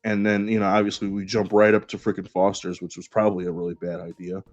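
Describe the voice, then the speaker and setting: A man's voice: deep voice, little pitch movement, fast. A young man rambling through a party story in casual chat, swearing and laughing as he goes. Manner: rambling, profane, laughs between lines. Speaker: podcast co-host. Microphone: remote stream call. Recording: dull lo-fi stream audio.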